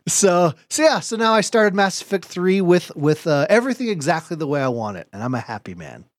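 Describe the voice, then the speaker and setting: A man hosting a podcast, telling a story in lively casual chat, laughing often and swearing now and then. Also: fairly high pitch, a little fast, dry recording. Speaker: podcast host.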